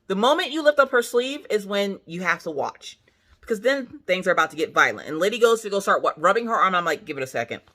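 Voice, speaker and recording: A woman hosting a casual vlog, telling a family story in an animated, emphatic way with sassy asides. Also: mid-range voice, fast. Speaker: channel host, mother.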